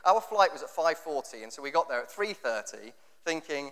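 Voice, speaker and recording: A man's voice: on the high side, very animated, a little fast, a bit bright. A man preaching a sermon in a conversational, jokey way, often acting out what people say. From England. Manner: conversational, jokey, acts out quotes. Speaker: pastor. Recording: long hall reverb.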